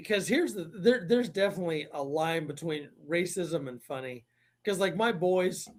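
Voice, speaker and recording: A middle-aged man hosting a casual live stream, rambling and swearing, often breaking into laughter. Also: sits high. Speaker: podcast host.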